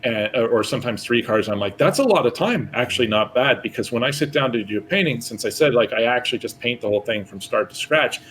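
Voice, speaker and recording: A man's voice: mid-range voice, fast, hardly any pauses, a bit bright, slight background noise, rough recording. A man, a guest artist, talking candidly in a casual podcast chat, rambling and laughing often.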